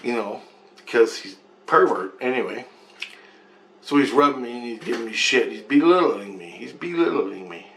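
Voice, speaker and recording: A man's voice: medium pitch, expressive, normal speed, a little hiss or hum, rough recording. A man telling a rambling first-person story with profanity and restarts. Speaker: vlogger.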